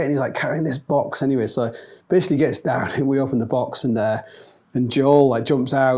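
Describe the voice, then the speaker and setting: A man's voice: mid-range voice, fast talker, mellow. A man from England telling a casual, rambling anecdote full of fillers and restarts. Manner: rambling, many fillers and restarts, laughs often. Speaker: storyteller.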